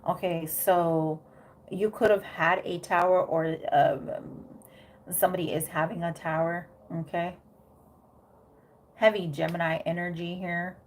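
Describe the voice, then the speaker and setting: A woman's voice: on the low side, little pitch movement, a little slow, slight background noise. A woman giving a casual tarot reading, thinking aloud with many fillers and frequent "okay?" check-ins. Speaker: tarot reader.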